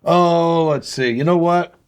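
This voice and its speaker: A man's voice: on the high side, measured pace, clean tone. A man co-hosting a casual podcast chat, talking loosely with lots of fillers and laughs. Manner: chatty, laughs often, filler-heavy. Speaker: podcast co-host.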